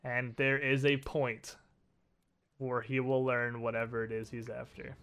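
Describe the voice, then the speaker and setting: A man's voice: mid-range voice, little pitch movement, measured pace, fairly bright tone, clear, resonant tone. A man narrating a tabletop game as game master, with dramatic, lingering narration.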